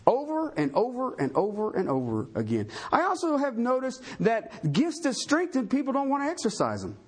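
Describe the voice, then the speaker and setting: A man's voice: extremely high pitch, huge pitch swings, moderate pace, a little mellow, breathy edge. A man preaching a sermon as pastor, folksy and self-deprecating, full of rhetorical questions.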